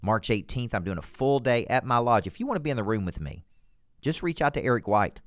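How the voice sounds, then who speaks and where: Southern man, sales-coach host: folksy, punchy, high energy, middle pitch, dry close sound. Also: lively intonation, fairly quick, no echo. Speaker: business coach hosting a show. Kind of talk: motivational talk to camera. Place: studio.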